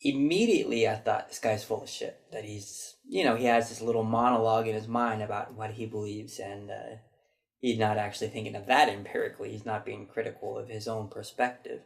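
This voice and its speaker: A man's voice: lowish voice, steady tone, a little fast, vocal fry. A man vlogging in a chatty, reflective way, recounting people's answers to a question and mimicking them as he goes. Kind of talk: casual storytelling monologue.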